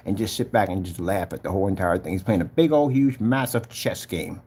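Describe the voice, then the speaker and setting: Telling his personal story in a casual vlog testimony, this man sounds earnest and preachy and voices the characters in the events he recounts. He speaks low and fairly quickly with few pauses, his tone a little mellow with a breathy edge.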